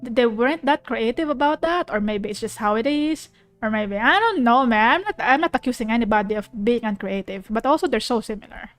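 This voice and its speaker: High-voiced young woman, effusive rambling chat. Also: lively intonation, fairly quick. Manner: rambling, effusive, emotional, with restarts. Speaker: vtuber streamer. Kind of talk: casual chat reacting to an anime. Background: soft piano music.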